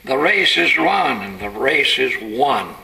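A man preaching a sermon, telling the story dramatically and building to shouted climaxes. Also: mid-range voice, big pitch swings, slow pace, vocal fry, rough recording.

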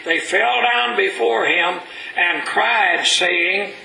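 A male preacher delivers a sermon at an unhurried, deliberate pace. His voice is high and strikingly bright, and he leans hard on the scripture he reads aloud. The church room rings with echo, and a faint hiss sits underneath. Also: expressive, vocal fry. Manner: slow, emphatic preaching, reading scripture aloud in a rising voice.

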